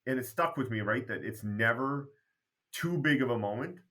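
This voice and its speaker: A man's voice: mid-range voice, moderate pace. A man from Canada, a basketball program founder, telling stories in a casual interview and acting out remembered dialogue. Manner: animated storyteller who acts out remembered dialogue.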